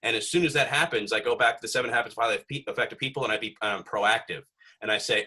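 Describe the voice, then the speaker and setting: This podcast host is a young man whose loose, rambling chatter is full of filler words and profanity. His medium-pitched delivery is fast, pushed and bright, with a breathy edge.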